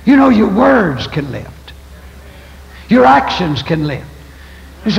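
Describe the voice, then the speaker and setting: A man's voice: high voice, very animated, slow pace, creaky, pauses often. An older man preaching a folksy, storytelling sermon as pastor. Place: church sanctuary. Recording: echoey church hall, dull lo-fi 1990s tape.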